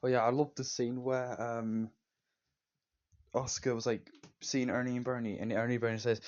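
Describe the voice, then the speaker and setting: A film reviewer with a medium-pitched, slightly mellow male voice talks a little fast in a level tone. His movie review is casual and rambling, linking scenes with "and then" and now and then briefly acting out characters' lines in silly voices. The lo-fi recording sounds slightly dull.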